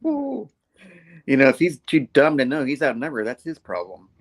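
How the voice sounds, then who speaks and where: A man's voice: mid-range voice, huge pitch swings, moderate pace, breathy edge, voice pushed up, full character voice. A cocky young woman vigilante taunts her rivals in a brash, mocking way, as a man retells her part. The voice lifts a little above his own. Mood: taunting.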